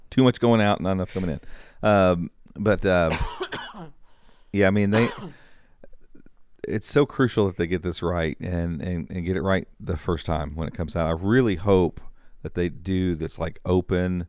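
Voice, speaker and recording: A man co-hosting a casual tech podcast, rambling and animated, full of restarts. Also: sits low, unhurried, no room sound, clean studio sound. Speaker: podcast co-host.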